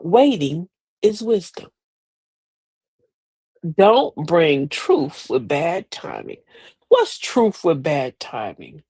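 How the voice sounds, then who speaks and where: A woman's voice: on the low side, wildly swooping pitch, drawn-out words, pauses often, a little mellow, husky, no room sound. A middle-aged woman hosting a live motivational talk, folksy and preachy, with emphatic delivery. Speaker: host.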